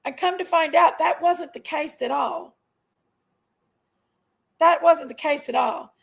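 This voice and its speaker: A middle-aged woman with a high, gravelly voice, ranting on a live stream. She vents in an aggrieved, emphatic way and circles back to the same points. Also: unhurried, rough recording. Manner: aggrieved, emphatic venting, repeats herself. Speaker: livestream host. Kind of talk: casual live-stream rant.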